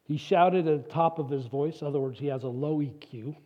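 A man preaching a sermon as a pastor, animated and conversational, with casual asides to the congregation. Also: on the high side, a little fast. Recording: dull lo-fi recording.

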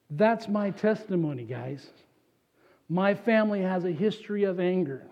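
Animated preaching man, dull lo-fi sound. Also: high-pitched, normal speed. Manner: animated, conversational preaching with asides. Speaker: pastor. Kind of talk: sermon. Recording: dull lo-fi recording.

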